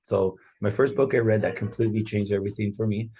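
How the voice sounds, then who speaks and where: Husky low-voiced man, earnest motivational talk. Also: fairly even intonation, fast talker, dark tone. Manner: earnest, rambling, full of "like" and "right?". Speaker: podcast speaker on real estate and personal growth.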